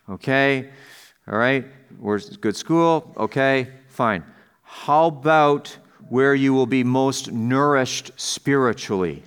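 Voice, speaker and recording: With a smooth, fairly bright, medium-pitched voice, a male pastor takes his sermon slowly. It's a conversational kind of preaching: he asks the congregation questions, checks in with them often, and lifts his voice when stressing a point.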